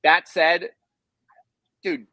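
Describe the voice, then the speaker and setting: A man's voice: fairly high pitch, flat delivery, extremely slow, pushed and bright, dry recording. A man co-hosting a podcast, talking in an apologetic, sheepish and conceding way. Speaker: podcast co-host. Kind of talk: casual chat.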